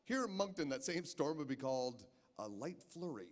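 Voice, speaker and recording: A man's voice: a little high, very animated, normal speed, slight background noise. A man doing a rambling stand-up set in a casino, stammering through restarts. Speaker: stand-up comedian. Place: casino stage. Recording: long hall reverb from a live venue.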